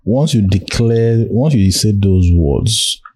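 Low husky-voiced male host. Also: slow, darkish tone. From Nigeria. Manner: brief affirming interjections. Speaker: podcast host. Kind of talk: casual chat.

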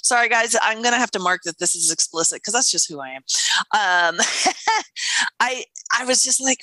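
A woman's voice: a little high, lively intonation, moderate pace, sharp tone, dry recording. A middle-aged woman co-hosting a podcast in casual chat, telling stories animatedly, acting out quotes and swearing casually. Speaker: podcast co-host.

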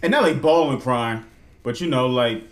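A man's voice: medium pitch, normal speed. A man co-hosting a podcast, telling a work story in casual, profane chat. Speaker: podcast co-host.

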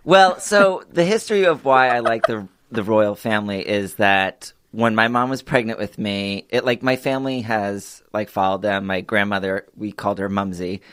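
A man's voice: lowish voice, normal speed, hardly any pauses, a bit bright, clear, resonant tone. A man in his thirties from New Jersey, chatting casually and telling a rambling family story with lots of "like". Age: 30s. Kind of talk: casual chat.

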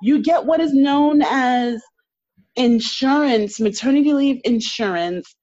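A woman's voice: sits high, slow, a little mellow, lo-fi sound. A woman co-hosting a casual TV recap chat, emphatic and opinionated, repeating her points. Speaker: podcast co-host.

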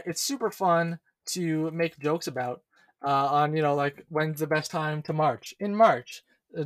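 A young man pitches his case in a playful, rambling way, full of fillers. His voice is a bit high for a man. The sound is close and dry. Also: dry recording. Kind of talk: casual chat.

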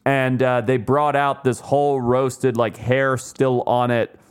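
A man's voice: mid-range voice, flat delivery, slow, smooth. A man co-hosting a podcast, telling stories in a loose, chatty way with plenty of fillers. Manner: chatty storyteller with many fillers. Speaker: podcast co-host. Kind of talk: casual chat.

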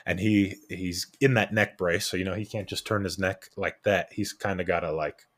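A man's voice: sits low, normal speed. A young adult man co-hosting a podcast, telling a work story casually, acting out the people he quotes and restarting his sentences. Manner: animated anecdote-telling with quoted voices and restarts. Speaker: podcast co-host.

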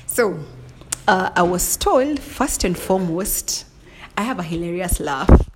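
A woman's voice: on the low side, animated, unhurried, very noisy. A woman hosting a solo podcast, chatting casually and playfully, often breaking into laughter and mock indignation. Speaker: podcast host.

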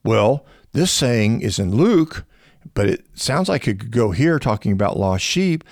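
Man, podcast teacher, gravelly, dry close sound, animated emphasis, restarts phrases. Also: measured pace, no echo. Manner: animated, rising pitch when stressing points. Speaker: biblical scholar teaching on a podcast. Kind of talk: conversational teaching.

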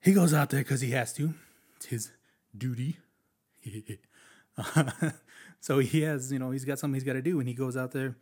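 A man's voice: medium pitch, moderate pace, pauses often, breathy edge. Chatty man reviewing a war movie. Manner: animated, chatty, acts out quotes, laughs often. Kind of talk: casual film review.

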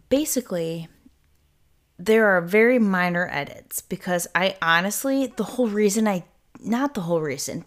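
A woman hosting her own podcast, talking casually in a rambling, self-interrupting way and swearing freely. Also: medium pitch. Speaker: podcast host. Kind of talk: casual solo podcast talk.

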